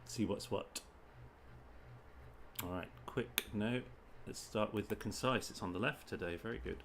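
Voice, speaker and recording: Muttering short bursts as he works through crossword clues, a man from the UK streams himself thinking out loud. His voice is fairly low and fairly bright, at normal speed, with slight hiss or hum in the audio.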